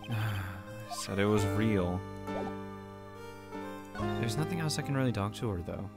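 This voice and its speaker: A man's voice: on the low side, expressive, slow. Irreverent man commenting on a game. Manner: irreverent, swearing, laughing at himself. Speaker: let's play commentator. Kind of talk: casual gaming commentary and dialogue reading. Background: game music.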